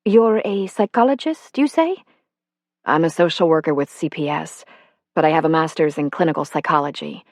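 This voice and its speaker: A woman's voice: sits low, normal speed, no echo, studio quality, natural voice. A woman reading aloud, voicing a worried female social worker who asks anxious, earnest questions about her friend.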